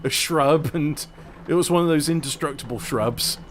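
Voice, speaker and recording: Guy streaming a truck game, chatty and joking about himself, bit high voice, noisy mic. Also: moderate pace. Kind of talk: casual stream chat.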